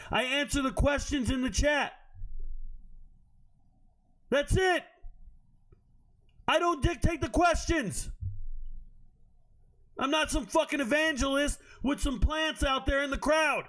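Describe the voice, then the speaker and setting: A man's voice: very high voice, fairly bright tone. A man hosting a live stream, ranting at his chat in a brash, profane, confrontational way.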